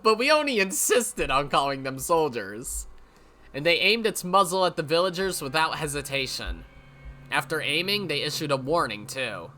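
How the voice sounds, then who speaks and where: A man reads a visual novel aloud as a let's play host, his voice very bright and tight. He drops wry, sarcastic comments between the narration, over a faint background hum. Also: fairly high pitch, very animated, normal speed.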